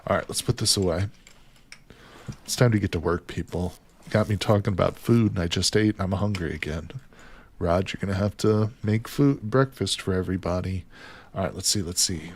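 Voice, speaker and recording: A man's voice: low-pitched, normal speed, slightly rough. A man chatting casually with his viewers while he plays a game. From United States. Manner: chatty, talks to viewers as "people". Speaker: streamer. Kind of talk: casual gameplay commentary with chat.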